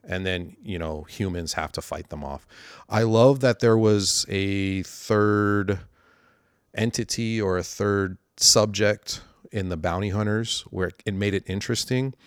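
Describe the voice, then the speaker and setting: A man with a somewhat low voice co-hosts a casual movie podcast. He rambles and hedges, piling up fillers as he works toward a point. The sound is dry and close. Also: dry recording. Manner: rambling, hedging with many fillers. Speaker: podcast co-host. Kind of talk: casual movie review chat.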